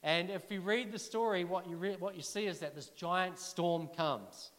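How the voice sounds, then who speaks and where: A man preaching a sermon to a church congregation, energetic and urging the crowd to respond. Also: high voice, normal speed. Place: church hall. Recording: long reverb of a large hall.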